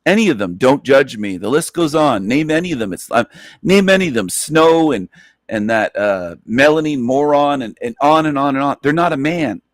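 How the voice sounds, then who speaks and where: A man's voice: mid-range voice, lively intonation, normal speed, no room sound, studio quality. A man hosting an online radio show, ranting in an emphatic, profane, repetitive monologue. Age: adult, past twenties.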